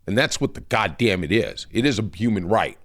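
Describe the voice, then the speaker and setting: A man's voice: lowish voice, big pitch swings, a little fast, fairly bright tone. A man hosting a podcast, delivering a heated, profane political rant. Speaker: podcast host. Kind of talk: political commentary monologue.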